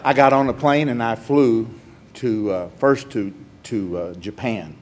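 A man's voice: mid-range voice, unhurried, a little hiss or hum. An older man giving a personal testimony at a recovery meeting, telling stories in a rambling, heartfelt, self-mocking way.

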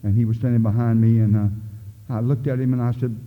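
A man's voice: medium pitch, flat delivery, fast. An older man speaking at a recovery meeting, telling his story in a folksy, plain-spoken way. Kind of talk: personal testimony talk. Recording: tinny phone-like sound in an echoey hall.

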